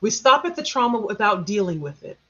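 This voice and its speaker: A man acting as facilitator and host, speaking in slow, deliberate, reflective phrasing. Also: high-pitched, very animated, sharp tone. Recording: dull, muffled audio.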